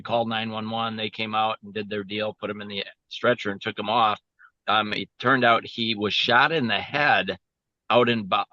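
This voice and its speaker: A man's voice: lowish voice, pushed and bright, no room sound. A man, a car sales panelist, telling a story in a plain, matter-of-fact way. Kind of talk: casual storytelling. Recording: dull, dry lo-fi audio.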